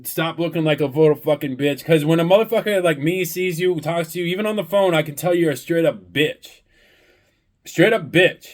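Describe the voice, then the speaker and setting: A man's voice: a little high, a little fast, few pauses, darkish tone. Blunt, profane man ranting. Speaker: landscaping business owner. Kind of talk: ranting vlog monologue. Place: hotel room.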